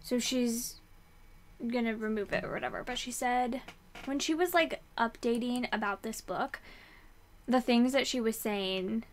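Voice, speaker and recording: A young woman chatting casually about books she read, rambling with fillers and quick restarts. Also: a little high. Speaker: book vlogger. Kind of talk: casual book review chat.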